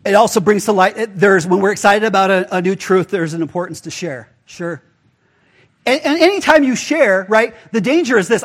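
High-voiced casual pastor, man. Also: a little fast, breathy edge. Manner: casual and animated, acts out quoted voices. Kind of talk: conversational sermon.

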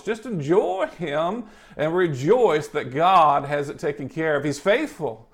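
A man's voice: a little high, sing-song, measured pace. A male preacher giving a folksy, upbeat sermon, often adding "you know" and chuckling between points.

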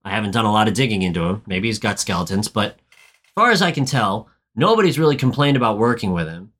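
A man co-hosting a podcast, chatting about a movie with dry quips and quick, stumbling asides. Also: fairly low pitch, lively intonation, fairly bright tone. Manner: dry, wry quips, often rushed asides. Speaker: podcast co-host. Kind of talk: casual movie-recap chat.

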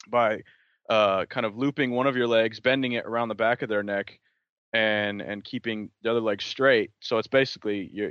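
A podcast co-host tells a story in casual chat, his fairly low, fairly bright voice captured as dull, dry lo-fi audio with no echo. He rambles hesitantly, using lots of fillers.

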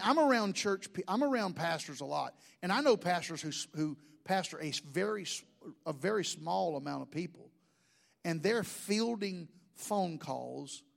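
A man. He keeps the sermon lively with jokes, asides and stumbling restarts. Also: high-pitched, vocal fry. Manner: animated, joking storyteller with many restarts. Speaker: pastor.

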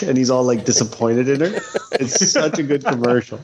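A man chatting casually on a podcast, animated and quick to laugh. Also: medium pitch, lo-fi sound. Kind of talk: casual chat.

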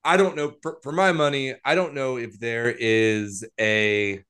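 Bright-voiced joking podcast man. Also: mid-range voice, steady tone, clear, resonant tone. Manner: quick, jokey, teasing. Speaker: podcast co-host. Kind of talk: casual banter.

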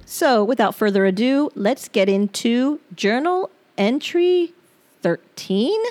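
A middle-aged woman reads her own journal aloud on her personal podcast, open and reflective, halting as she gets choked up near tears. Her voice is a little high and a little mellow, with lively intonation, and faint music plays behind her.

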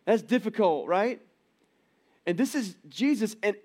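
A man preaching a sermon to his church in a conversational, animated way, with jokey asides. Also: high-pitched, a little slow. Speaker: pastor.

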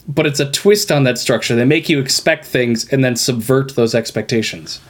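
A man's voice: medium pitch, normal speed. A man chatting casually as a podcast co-host, rambling with many ums and unfinished phrases. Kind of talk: casual chat about a cartoon.

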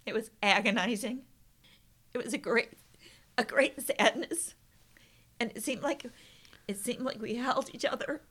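A woman's voice: mid-range voice, a bit bright. A middle-aged woman, a podcast guest, earnestly retelling a personal story with emotion and quoted prayers.

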